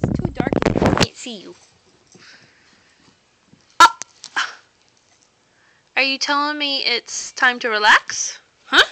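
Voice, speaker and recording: A woman's voice: sits high, animated, slow pace, long pauses, background noise. A woman playing fetch with her dog at home, coaxing it in sing-song baby talk, filmed on a phone. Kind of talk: playful talk to a pet dog. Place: home kitchen. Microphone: phone camera.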